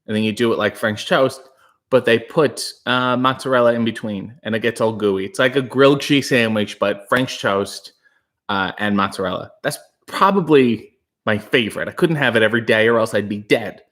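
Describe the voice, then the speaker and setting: Hushed, breathy man riffing on a livestream. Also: medium pitch, normal speed. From Canada. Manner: breathy, hushed, rambling and joking. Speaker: livestream host reading chat. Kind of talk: casual live chat. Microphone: new studio microphone.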